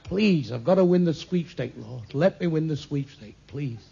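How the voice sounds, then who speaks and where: A man's voice: fairly high pitch, expressive, normal speed, creaky, warm tone, highs cut off, slight background noise. A man doing a desperate praying man. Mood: pleading. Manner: pleading, cursing. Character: desperate man begging God for a win.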